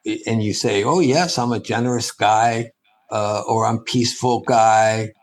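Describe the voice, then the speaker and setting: A man, a spiritual teacher, giving a reflective answer in an interview, halting and restarting as he thinks. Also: on the low side, rough recording. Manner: halting and thoughtful, with frequent restarts and pauses.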